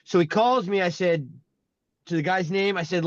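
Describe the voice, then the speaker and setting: A man's voice: high-pitched, normal speed, no echo, muffled recording. A man hosting a casual faith talk, telling a personal story and acting out the other people's lines as he goes. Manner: animated storyteller acting out quotes. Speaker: host.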